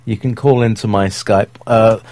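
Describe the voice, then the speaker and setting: A man's voice: on the low side, fairly even intonation, normal speed, a little mellow, no echo. A man hosting a casual call-in stream, talking in a rambling, hesitant way with many fillers and chuckles. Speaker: show host. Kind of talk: casual live-stream talk.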